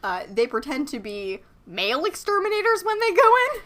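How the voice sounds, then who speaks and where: A woman's voice: sits high, big pitch swings, brisk, bright, forceful tone. A woman co-hosting a podcast in casual chat, sarcastic and joking, swearing freely. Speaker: podcast co-host. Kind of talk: casual chat recapping a cartoon.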